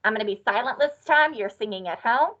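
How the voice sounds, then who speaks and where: A high-voiced woman leads an online class, chanting and cheering in a playful, sing-song manner. The recording sounds dull and lo-fi. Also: animated, quick pace, a bit bright. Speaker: teacher. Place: classroom or office.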